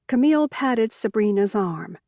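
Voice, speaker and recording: A woman narrating a cozy mystery audiobook in a measured storytelling manner. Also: fairly high pitch, expressive, warm tone, dry recording, studio quality. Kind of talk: scripted narration.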